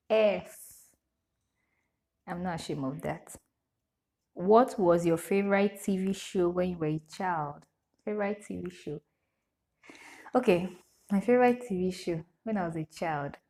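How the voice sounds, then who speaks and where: A woman's voice: lowish voice, sing-song, slow pace, long pauses, a little mellow. Chatty Nigerian woman answering questions. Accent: Nigerian English. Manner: chatty, reads questions aloud then answers with frequent laughter. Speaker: vlogger. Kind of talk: casual Q&A chat to camera.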